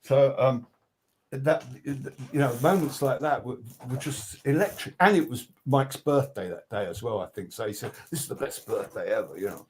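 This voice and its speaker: Man, older, record producer, chatty anecdotes, swears, restarts, middle pitch. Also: normal speed, slight background noise. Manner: animated, swears freely, acts out quotes; many restarts and fillers. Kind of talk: casual anecdotal storytelling.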